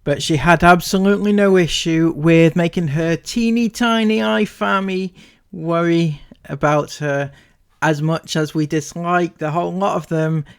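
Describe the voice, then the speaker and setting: A man talks slowly in a somewhat high voice as he comments on clips. His tone stays dry and mocking, with sarcastic asides throughout his commentary. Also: steady tone, vocal fry, clear, resonant tone. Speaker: commentary YouTuber.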